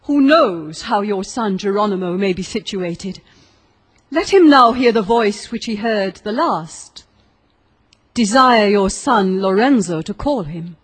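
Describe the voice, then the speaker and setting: A woman gives voice to a solemn, uninvited monk at a wedding feast, grave and measured. Her tone stays husky and breathy. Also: medium pitch, expressive, long reverb tail. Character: mysterious grave male monk, solemn stranger.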